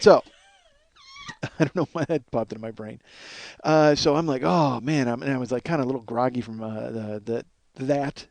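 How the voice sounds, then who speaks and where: A man hosting a podcast, telling a long rambling story on his own, full of swearing, trailing off into mumbles and then rising to excited shouting. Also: a little high, no echo. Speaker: podcast host. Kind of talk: solo storytelling monologue.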